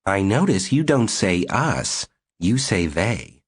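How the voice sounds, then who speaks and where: A man's voice: lowish voice, sing-song, breathy edge, exaggerated voice. A man doing a blunt, tough worker. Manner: slow, level, blunt. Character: grimy tough male worker, level and firm.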